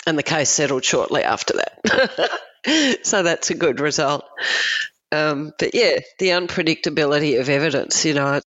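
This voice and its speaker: A woman's voice: deep voice, lively intonation, measured pace, pauses often, a bit bright, no echo, lo-fi sound. A middle-aged Australian woman, a family lawyer, chatting candidly as an interview guest and saying "you know" a lot. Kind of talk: casual chat.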